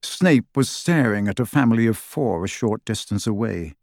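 Expressive male audiobook narrator. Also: fairly low pitch, no echo, clean studio sound. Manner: expressive, measured storytelling. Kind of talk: scripted narration.

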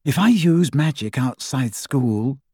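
A man voicing an earnest young girl who asks eager, soft questions. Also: medium pitch, expressive, takes it slowly, slightly rough, no echo, clean studio sound, full character voice. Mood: curious. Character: earnest young girl, curious and warm-hearted.

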